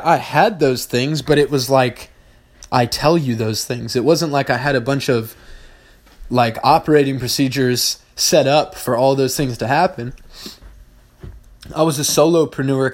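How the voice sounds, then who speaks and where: A man hosting a podcast, talking through business lessons in a blunt, profane, casual way and repeating points for emphasis. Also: mid-range voice. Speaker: podcast host, business owner.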